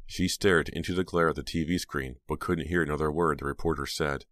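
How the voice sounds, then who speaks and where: A man narrating an audiobook in a steady, suspenseful reading. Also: very deep voice, fairly quick, no room sound, studio quality. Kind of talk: scripted narration.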